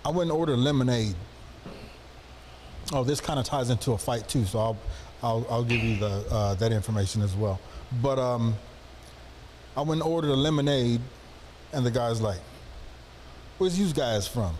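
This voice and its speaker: Relaxed Texan man spinning a story. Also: mid-range voice, moderate pace, long pauses, slight background noise. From Texas. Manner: relaxed, rambling anecdote telling. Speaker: podcast co-host. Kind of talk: casual storytelling.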